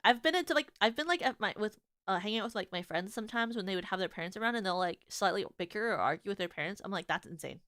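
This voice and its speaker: Rambling young woman streamer, smooth voice. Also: medium pitch, very fast, hardly any pauses, dry recording, clean studio sound. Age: young adult. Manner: rambling, lots of filler words and restarts; animated, giggly storytelling. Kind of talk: casual chat.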